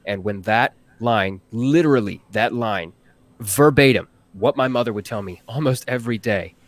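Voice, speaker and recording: A man, a voice actor guest on a live-stream interview, talking earnestly and haltingly with many restarts. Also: mid-range voice, dry recording.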